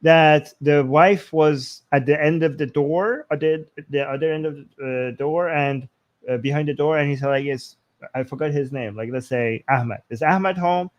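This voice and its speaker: A man from Iran with a fairly high voice, co-hosting a live-stream discussion. He rambles in loose, casual bursts, restarting sentences and leaning on fillers as he goes. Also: fairly even intonation, moderate pace, dull audio. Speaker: co-host.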